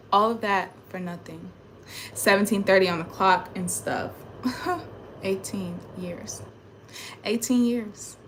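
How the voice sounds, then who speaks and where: A young woman with a bright, sharp voice vents straight into her phone camera at home. She circles back to the same phrases again and again, emphatic and frustrated, in a spiritual rant. Faint noise hums underneath. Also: mid-range voice. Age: young adult. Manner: emphatic and repetitive, frustrated venting. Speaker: vlogger. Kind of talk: ranting spiritual vlog monologue. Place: at home indoors.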